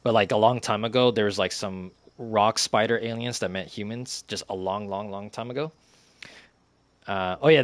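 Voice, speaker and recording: A man's voice: fairly low pitch, normal speed, dry recording. A young man streaming a game and chatting casually, rambling with lots of fillers, restarts and giggles.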